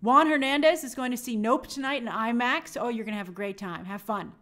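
A woman's voice: fairly high pitch, brisk, fairly bright tone. A young woman hosting a movie live stream, chatting upbeat and reading out viewer comments.

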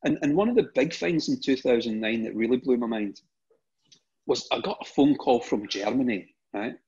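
A man's voice: medium pitch, lively intonation, moderate pace, dark tone, breathy edge. A middle-aged Scottish man, a guest on an interview show, telling stories casually and often repeating words at the start of his phrases. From Scotland. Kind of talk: casual anecdotal storytelling. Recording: dull lo-fi recording.

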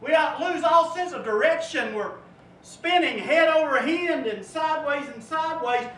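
A man preacher giving a sermon, telling a vivid story that swells and drops to a hush. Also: very high-pitched, moderate pace. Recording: echoey room, from far off, faint noise.

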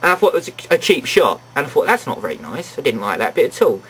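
A man's voice: on the high side, big pitch swings, quick pace, background noise. A man giving a ranting, sarcastic film review in an exasperated tone.

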